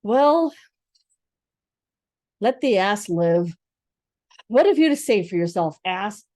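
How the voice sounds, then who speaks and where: Figure: stern young male king, read by an older woman. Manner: stately, commanding, loud. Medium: storybook reading. Sound: dry. Tone: lively. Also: medium pitch, takes it slowly, no echo.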